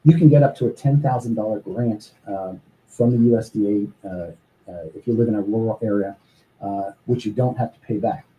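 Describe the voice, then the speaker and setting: A man talking earnestly as an interview guest about his charity's work, pausing often with fillers and restarts. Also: lowish voice, narrow, tinny audio. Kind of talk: casual interview talk.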